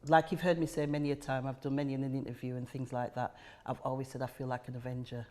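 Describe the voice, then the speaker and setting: A woman's voice: rumbling low, level tone, quick pace, darkish tone. A woman, the chair of a charity, talking reflectively in a podcast conversation and repeating key phrases for emphasis.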